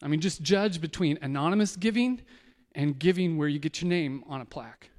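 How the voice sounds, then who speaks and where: Guy pastor giving a chill storytelling sermon, kinda high voice, long echo in the church. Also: brisk, darkish tone. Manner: casual, storytelling, repeats words as he restarts. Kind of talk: conversational sermon.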